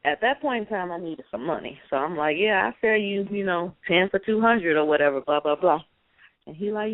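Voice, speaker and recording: A woman's voice: on the low side, expressive, fairly quick, no room sound. A woman co-hosting a talk show, telling a story with laughs and acted-out quotes. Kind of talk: casual chat. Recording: dry, phone-like lo-fi audio.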